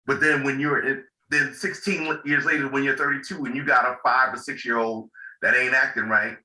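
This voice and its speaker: A male host with a hoarse voice, leading a relaxed talk about love. His tone is sharp and bright, and he sounds a little off the mic in an echoey room. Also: medium pitch, moderate pace, distant mic. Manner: laid-back, folksy, repeats himself. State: hoarse from illness. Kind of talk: casual discussion.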